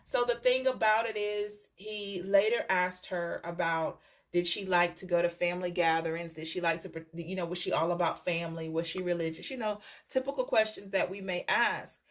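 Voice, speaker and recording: A woman's voice: fairly low pitch, normal speed. A woman tarot reader telling a story to her viewers in a chatty way, often checking in with "okay?" and repeating phrases.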